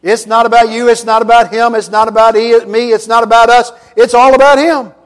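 A man with a very high voice preaches in a church sanctuary, his words ringing with a long reverb. He drives his points home through repetition and mixes in light jokes. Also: little pitch movement, fairly quick. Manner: emphatic, repetitive preaching with humor. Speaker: pastor. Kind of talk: sermon.

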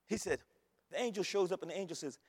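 Male preacher, high lively voice, sermon in a reverberant church. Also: quick pace, breathy edge. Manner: animated, repeats phrases, rises to shouts. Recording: long hall reverb.

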